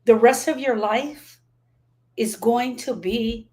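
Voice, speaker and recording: A woman's voice: on the high side, steady tone, takes it slowly, mellow. A middle-aged woman hosting a live stream as a grief coach, speaking emphatically, repeating her key phrases and answering viewer comments.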